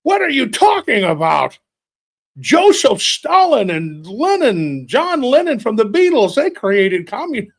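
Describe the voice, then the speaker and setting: A man putting on the voice of a cranky, confused old grandfather who shouts indignantly. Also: very high-pitched, wildly swooping pitch, measured pace, voice pushed up, heavily acted.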